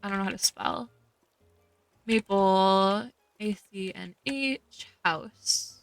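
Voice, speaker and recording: A woman's voice: medium pitch, slow pace, dry recording. A young woman streaming a cozy game, chatting casually, reading chat aloud and gushing over cute characters. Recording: dry close sound with faint game music.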